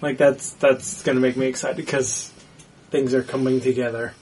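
A man's voice: medium pitch, little pitch movement, moderate pace, a little mellow, a little hiss or hum. A man co-hosting a casual movie discussion, blunt and swearing freely. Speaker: podcast co-host.

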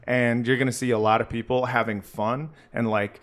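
A man on a casual podcast, talking in an earnest, halting way with lots of fillers. He swears freely and keeps a mid-range voice. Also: medium pitch, little pitch movement, fairly bright tone. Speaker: podcast co-host.

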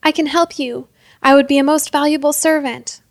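A frightened thief, held down and pleading, voiced by a woman reading a storybook. The voice sits fairly high and has a gravelly edge. It is recorded close and dry. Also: fairly even intonation, normal speed, no echo. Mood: pleading, alarmed. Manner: cries out and pleads.

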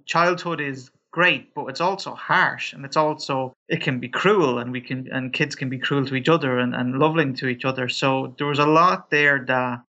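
A man's voice: medium pitch, steady tone, normal speed, few pauses, pushed and bright. A man from Ireland with an Irish accent, speaking hesitantly as a podcast panelist, with many ums and restarts. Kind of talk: casual discussion. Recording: dull lo-fi sound.

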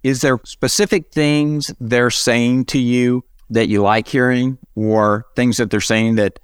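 Male co-host, smooth clear tone, direct questions. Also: mid-range voice, steady tone, slow, no echo, clean studio sound. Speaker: podcast co-host. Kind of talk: conversational interview.

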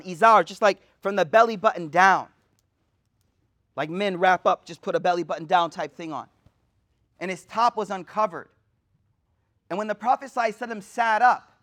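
A man giving a religious lecture, retelling a narration with acted-out quotes and casual slang. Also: sits high. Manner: animated, slangy, acts out quotes. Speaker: Islamic teacher. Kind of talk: lecture storytelling.

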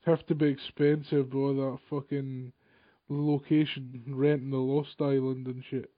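A man's voice: medium pitch, level tone, a little slow. A man co-hosting a casual chat, giving short replies and swearing. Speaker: podcast co-host. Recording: tinny phone-like line.

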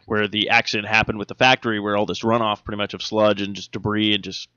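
A man's voice: on the low side, little pitch movement, fast, bright, forceful tone, smooth, dry recording, lo-fi sound. A man co-hosting a podcast, reading strange news stories in a rambling, joking way, with lots of fillers and restarts. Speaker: podcast co-host. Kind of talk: casual chat reading odd news.

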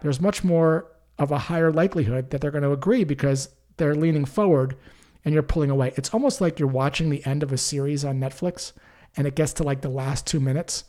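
A man giving a calm sales-coaching talk, acting out short example phone calls. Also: a little high, fairly quick. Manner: calm, coaching, acts out example call lines. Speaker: sales trainer. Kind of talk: instructional talk with sample call scripts.

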